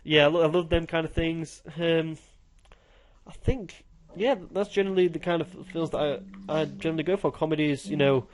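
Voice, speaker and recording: A young man from the UK co-hosting a podcast, chatting casually about films and acting out favourite scenes with quick, animated retelling. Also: on the high side. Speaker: podcast co-host.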